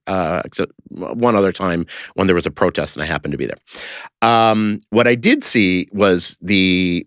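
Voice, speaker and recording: A man's voice: deep voice, fairly bright tone, no room sound, clean studio sound. A man talking casually as a podcast guest, telling stories in a rambling way with lots of fillers and restarts. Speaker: interview guest, creator of a street-question video project.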